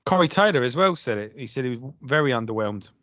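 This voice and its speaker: A man's voice: medium pitch, fast, no room sound. Sweary man, dry close sound. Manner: sweary, animated storytelling. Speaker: podcast co-host. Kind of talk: casual chat.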